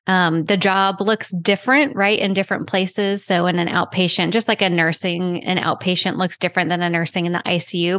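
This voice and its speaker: A woman's voice: on the low side, a bit bright, dry recording, studio quality. A woman with a Texan accent, a guest explaining her profession in a casual interview, with frequent ums. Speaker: child life specialist guest.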